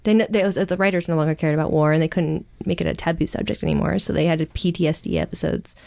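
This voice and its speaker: A woman's voice: deep voice, fairly even intonation, quick pace, vocal fry, a little mellow, no room sound. Eager rambling woman podcaster. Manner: eager, rambling, swears casually. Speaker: podcast co-host. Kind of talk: casual chat.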